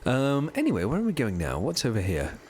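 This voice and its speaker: A man's voice: medium pitch, wildly swooping pitch, fairly quick, darkish tone, slight background noise. A man live streaming a video game, chatting casually and rambling as he answers viewers' questions while he plays. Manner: chatty, reads and answers chat while playing; rambling, many fillers.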